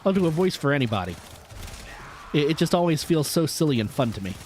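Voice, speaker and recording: A man's voice: on the high side, fast talker, slight background noise. An American man streaming a game live, chatting and joking with his viewers in a loose, playful way. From United States. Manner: jokey, animated, chatting with viewers. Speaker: vtuber streamer. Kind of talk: casual live-stream chat while gaming.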